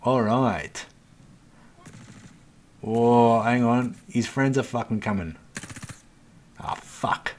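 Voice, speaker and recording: A man's voice: medium pitch, takes it slowly, long pauses, a little mellow, slight background noise. A man gives running commentary over his own gameplay as the channel host. He grumbles, swears freely and talks to himself and his viewers. His tone stays exasperated throughout.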